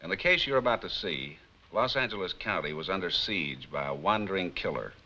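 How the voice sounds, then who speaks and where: A man playing a lawman who narrates a 1950s TV crime drama in a grave, measured way, slowing down for emphasis. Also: sits low, lively intonation, sharp tone, exaggerated voice. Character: stern middle-aged male lawman narrator. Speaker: show's narrator presenting as a sheriff's official. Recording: dull lo-fi 1950s TV soundtrack.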